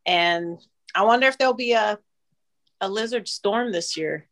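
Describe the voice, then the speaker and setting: A woman from Florida co-hosting a podcast, chatting casually with animated, playful exaggeration. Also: medium pitch, moderate pace, slight background noise. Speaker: podcast co-host. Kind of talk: casual chat.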